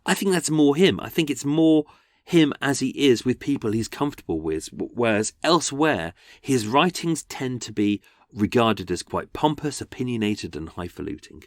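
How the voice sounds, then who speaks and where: A man's voice: mid-range voice, normal speed, few pauses, no echo, studio quality. An English man hosting a true-crime podcast in a chatty, wry way. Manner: chatty, animated, wry asides. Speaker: podcast host.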